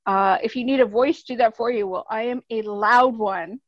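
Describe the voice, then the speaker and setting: A woman's voice: a little high, normal speed, dry recording, lo-fi sound. A woman with a Canadian accent, speaking as a podcast guest in casual, earnest, rambling chat, laughing often.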